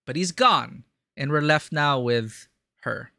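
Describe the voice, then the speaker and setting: A streamer talks casually to chat while playing a story game, expressive and quick to react. The voice is bright and forward, with a close, dry sound. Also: medium pitch, gravelly, no echo.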